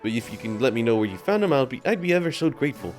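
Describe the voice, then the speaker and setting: A man's voice: mid-range voice, very animated, very fast, faint music behind, voice pushed up, lightly acted. A man voicing a worried village mother in a game. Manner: anxious, fretful.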